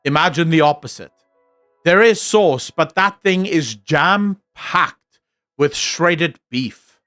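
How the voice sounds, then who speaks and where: A man's voice: on the high side, expressive, takes it slowly, pushed and bright, dry recording, clean studio sound, faint music behind. Man, rambling streamer chat. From South Africa. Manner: rambling, swears a lot. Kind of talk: casual chat reacting on stream.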